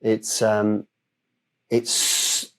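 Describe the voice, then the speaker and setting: A man's voice: on the low side, very slow, smooth. A man, a breathwork coach, explaining his methods in a podcast interview and acting out short examples. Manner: animated explainer, acts out examples.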